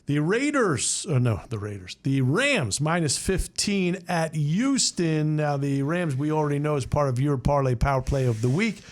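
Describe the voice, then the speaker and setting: A man hosting a sports betting show, giving his picks in casual, blunt chat with halting fillers. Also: fairly high pitch, lively intonation.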